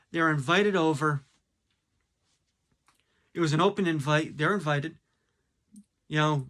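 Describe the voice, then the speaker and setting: A man's voice: fairly high pitch, a bit bright. A man giving a blunt, casual opinion monologue, full of fillers and rhetorical questions. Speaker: commentator.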